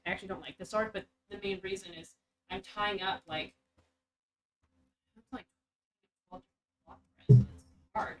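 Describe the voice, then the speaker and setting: A woman hosting a casual stream, reacting to a story with rambling, animated chat and the odd swear. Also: mid-range voice, rough recording. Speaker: stream host reacting to a web serial.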